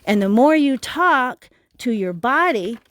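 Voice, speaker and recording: A woman's voice: fairly high pitch, expressive, slow pace, fairly bright tone. Earnest woman in her fifties. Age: 50s. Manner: earnest, repeats herself, speaks straight to the audience. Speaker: self-healing teacher and host. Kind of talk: live-stream talk to viewers.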